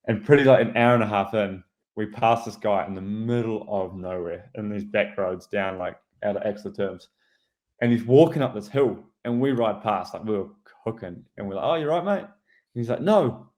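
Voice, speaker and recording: A man with a somewhat low voice chats casually on a podcast. He tells a story and acts out what other people said. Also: darkish tone. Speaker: podcast co-host, pro cyclist. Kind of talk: casual chat, anecdotes.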